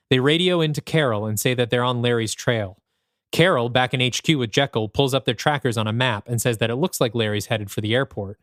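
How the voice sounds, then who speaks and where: A man co-hosting a podcast, reading stage directions in a script table read in a steady, matter-of-fact way. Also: mid-range voice, dry recording, studio quality. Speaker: podcast co-host.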